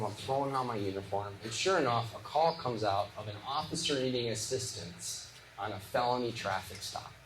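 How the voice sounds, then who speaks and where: Animated male stand-up comedian on stage. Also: medium pitch. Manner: lively punchy storytelling with quick voiced asides. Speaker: stand-up comedian and former police officer. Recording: echoey venue with clear background noise.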